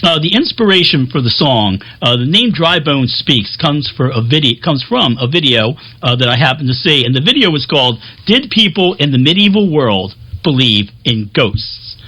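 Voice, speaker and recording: Rambling, chatty man with a husky voice. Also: medium pitch, sing-song, normal speed, few pauses, sharp tone. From Philadelphia, USA. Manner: chatty, self-deprecating, frequent fillers and restarts. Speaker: music show host. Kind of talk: rambling casual to-camera talk.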